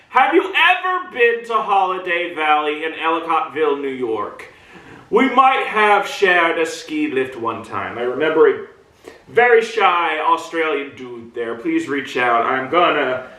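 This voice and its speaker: A man from Minnesota, USA, rambles through a casual film review monologue at a slow, meandering pace, drifting into tangents and asides. His voice is high and bright. The mic is at a distance in a roomy space with echo.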